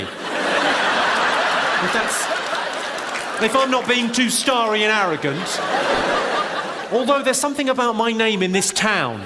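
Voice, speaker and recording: A man doing stand-up comedy with deadpan, quick one-liners in a large theatre. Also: high voice. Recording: live theatre with long reverb and loud noise.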